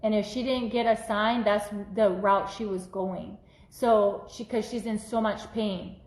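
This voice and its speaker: A woman minister telling a personal testimony in an animated, casual way, acting out the voices she quotes. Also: mid-range voice, measured pace, echoey room, low-quality recording.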